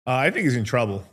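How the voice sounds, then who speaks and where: A man's voice: medium pitch, fairly bright tone. A man hosting a casual livestream, talking in a profane, rambling way and laughing often. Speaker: host.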